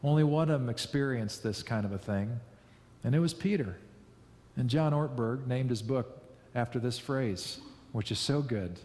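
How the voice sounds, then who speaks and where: A man preaching a sermon, telling a story in a lively way and repeating key lines for emphasis. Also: mid-range voice, moderate pace, big-room sound. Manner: storytelling, animated, with repetitions for emphasis. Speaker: pastor.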